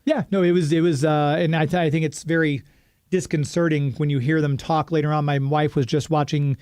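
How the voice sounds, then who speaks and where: A man's voice: fairly high pitch, little pitch movement, a little fast, darkish tone, clear, resonant tone, no room sound, studio quality. A man co-hosting a podcast, talking about movies in an easygoing way, thinking aloud with lots of fillers. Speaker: podcast co-host. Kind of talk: casual movie review chat.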